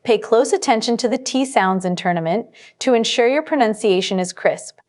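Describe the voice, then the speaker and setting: A woman narrating a scripted test-prep lesson in a clear, measured, instructive way. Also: on the high side, lively intonation, darkish tone.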